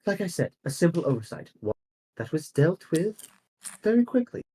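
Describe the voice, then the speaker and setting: A man voicing a scheming female envoy pitching to a council, silky and persuasive. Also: big pitch swings, moderate pace, dark tone, slightly rough, poor audio. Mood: smooth.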